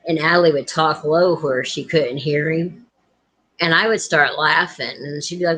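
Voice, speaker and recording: A woman's voice: low-pitched, normal speed, rough recording. A woman hosting a casual chat, telling family stories and acting out the voices of the people in them. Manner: animated, acts out quoted voices. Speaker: host.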